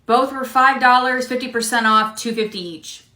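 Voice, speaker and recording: A woman's voice: on the high side, fairly even intonation, moderate pace, bright, forceful tone. Woman as a fed-up, firm cashier. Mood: matter-of-fact. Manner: polite but firm, dry and unbothered. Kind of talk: comedy skit. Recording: roomy echo.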